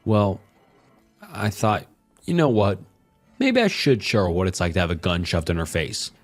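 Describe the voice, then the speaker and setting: A man acts out a drunk, violent husband with a lowish voice. He rambles crudely, swears freely and boasts in self-pity. Faint music sits under the telling. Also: expressive, normal speed. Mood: bitter, rambling. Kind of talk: horror story narration.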